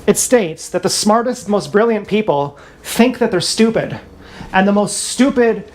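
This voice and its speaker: A woman's voice: medium pitch, expressive, unhurried, darkish tone, slight background noise. A woman talking in a rambling, improvised livestream monologue, blunt, sarcastic and mocking herself. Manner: wandering, half-improvised talk. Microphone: action camera.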